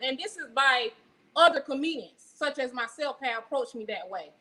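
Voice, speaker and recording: A brash Southern woman comedian tells stories loudly and profanely, with a high, bright voice. She speaks in relaxed, casual interview chat, full of asides and quoted voices. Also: a little fast, rough recording. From Atlanta, USA.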